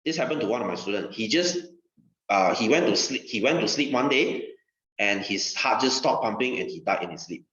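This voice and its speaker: Man, science teacher, chatty and repetitive, lively pitch, echoey muffled recording. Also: brisk. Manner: chatty, repeats phrases, asks rhetorical questions. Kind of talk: casual recorded science lesson. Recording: dull, roomy recording.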